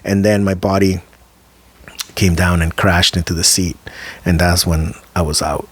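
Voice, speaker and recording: A man with a lowish voice co-hosts a casual podcast. He tells his story vividly and emphatically, drawing out the dramatic moments and dropping easy slang asides. The sound is close and dry, with no room echo. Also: fairly even intonation, unhurried, husky. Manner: loose and conversational, with slang asides. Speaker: podcast co-host.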